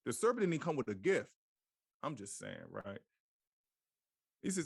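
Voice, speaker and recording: A man teaching from scripture in a casual, animated way, repeating phrases and firing off rhetorical questions. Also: mid-range voice, unhurried, creaky, long pauses, breathy edge, no echo, clean studio sound. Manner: casual slang-laced delivery. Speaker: Bible teacher.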